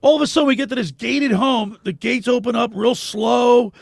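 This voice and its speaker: A man hosting a sports radio show, telling a long story in a lively, animated way. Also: very high voice, moderate pace, vocal fry, no echo, studio quality. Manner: animated storyteller, laughs at his own tales. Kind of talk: casual radio chat and storytelling.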